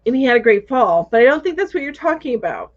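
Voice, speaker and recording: A talkative woman hosts a casual crochet livestream and reads out viewer comments. Her voice sits a little high and swoops widely as she thinks aloud. The sound is dull and lo-fi. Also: sing-song, fast. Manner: chatty, thinks aloud, laughs easily. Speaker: host of a crochet live chat.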